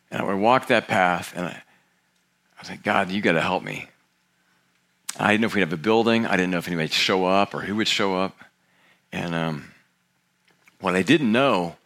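Middle-aged pastor guy preaching, bright clear voice, animated storyteller. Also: deep voice. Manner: storytelling, animated, acts out quoted characters. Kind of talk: sermon. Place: church auditorium.

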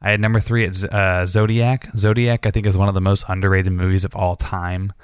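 A man's voice: sits low, little pitch movement, brisk, clear, resonant tone, no echo, clean studio sound. A man on a podcast, casually ranking his favorite films with hesitant fillers. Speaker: podcast co-host. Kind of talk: casual film discussion.

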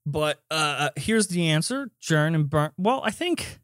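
A young man co-hosting a podcast, chatting casually and getting loud and high when he makes a point. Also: unhurried, no echo, clean studio sound. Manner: excitable, voice jumps up when emphatic. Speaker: podcast co-host. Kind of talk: casual chat. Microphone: close podcast mic, dry.

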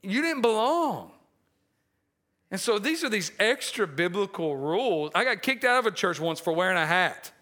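A man preaching a sermon in an animated way, acting out dialogue from the story and laughing at his own asides. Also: sits high, moderate pace.

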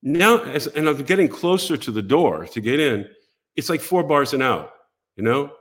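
An older man spins an anecdote for a podcast, with a widely swinging, expressive pitch. He slips into the lines of other people as he goes, a practiced storyteller on a chat show. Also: normal speed. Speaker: podcast guest. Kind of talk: animated anecdote telling.

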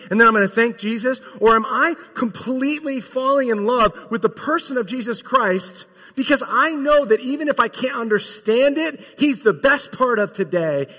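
Male preacher, emphatic casual sermon delivery, breathy and bright, reverberant hall. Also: very high-pitched. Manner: emphatic, swings from loud to hushed, casual slang. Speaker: pastor.

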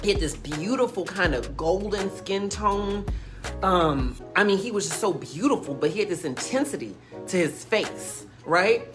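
A woman's voice: medium pitch, expressive, moderate pace. A woman chatting casually to her livestream viewers, rambling through a story with many fillers and restarts. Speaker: livestream host telling a story. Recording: music playing in the background.

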